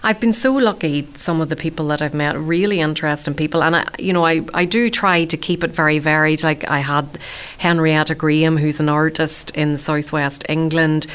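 A woman's voice: sits low, steady tone, normal speed, a bit bright, clear, resonant tone. A woman in her late thirties, a food show presenter on community radio, telling her story in a chatty, self-deprecating interview.

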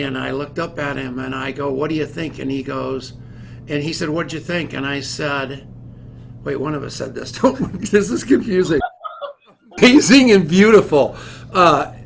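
A middle-aged man hosts a podcast in a chatty way and laughs easily. His voice is gravelly and a little higher than most men's. A faint background ambience sits under his voice. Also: fairly bright tone, slight background noise. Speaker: podcast host. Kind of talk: casual chat.

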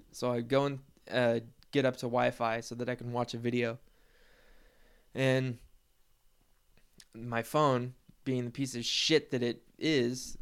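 A man with a smooth, resonant voice talks to the camera in a loose, rambling way. He swears freely and pokes fun at himself as he goes. His pitch sits in a plain middle range. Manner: rambling, profane, self-deprecating storytelling with laughs. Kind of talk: casual rambling monologue.

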